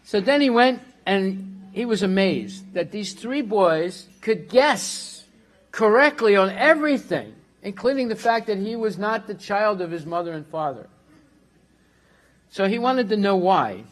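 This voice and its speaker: A man teaching a class, telling a story in a relaxed way and dropping in Hindi words. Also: sits high, a little slow.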